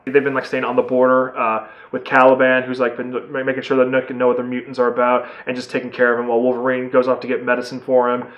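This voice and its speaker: A man giving a casual, excitable movie review, rambling with lots of fillers. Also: medium pitch, fast talker, few pauses, echoey room, dull audio.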